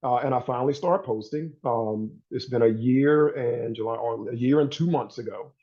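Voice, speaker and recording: A laid-back man, a plant-based recipe creator, talking as a guest in a conversational interview, getting animated when excited. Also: medium pitch, normal speed, dull audio.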